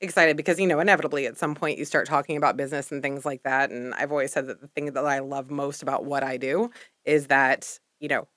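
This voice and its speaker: A woman's voice: rumbling low, steady tone, quick pace, a bit bright, dry recording, studio quality. A woman from Texas in her thirties with a mixed Texas and East Coast accent, chatting as a podcast guest and rambling with many fillers. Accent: mixed Texas and East Coast American. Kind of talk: casual interview chat.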